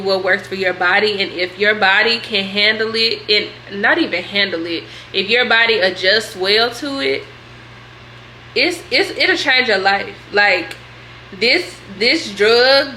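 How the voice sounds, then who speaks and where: A woman's voice: mid-range voice, sharp tone, reverberant, slight background noise. A young woman vlogging a candid question-and-answer session, chatty and slangy. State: tearful at times. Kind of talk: candid vlog Q&A.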